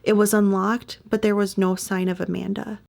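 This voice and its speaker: A woman's voice: mid-range voice, little pitch movement, normal speed, creaky, a little mellow. A woman hosting a podcast, reading scripted true-crime narration with sympathetic personal asides. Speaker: podcast host.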